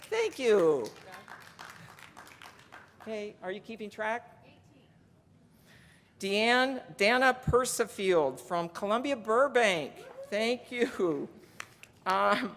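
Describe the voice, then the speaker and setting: Reading donor names and counting down, a union legislative presenter keeps the conference speech chatty. The voice is mid-range and a bit bright, echoing with the long reverb of a big hall.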